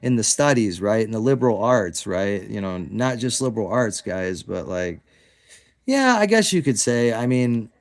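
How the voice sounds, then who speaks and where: A man's voice: on the low side, sing-song, normal speed. A man in his thirties from the United States, ranting to camera, profane and sarcastic, often repeating himself and trailing off. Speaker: self-represented litigant. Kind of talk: angry direct-to-camera rant.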